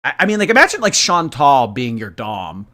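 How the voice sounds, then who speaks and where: A man hosting a reaction commentary, sarcastic and quick to laugh. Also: medium pitch. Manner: sarcastic, animated, laughing asides. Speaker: commentary host.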